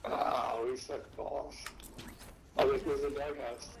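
A man's voice: mid-range voice, level tone, slow pace, gravelly. A man chatting casually with his teammate during a game, with laid-back, crude banter. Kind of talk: casual gameplay chat. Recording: noisy game audio behind.

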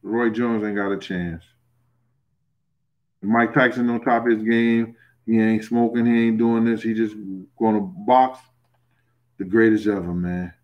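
A man's voice: on the low side, level tone, unhurried, pauses often, lo-fi sound. A man with a New York accent hosting a casual livestream, reading the chat and telling stories in a streetwise, teasing way with frequent laughter. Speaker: host reading live chat.

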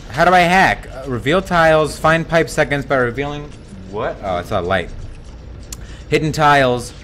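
A man streaming a horror game live, talking to his chat, swearing a lot and yelping and shouting at every scare. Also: on the high side, lively intonation, normal speed, a little hiss or hum. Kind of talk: live gameplay commentary.

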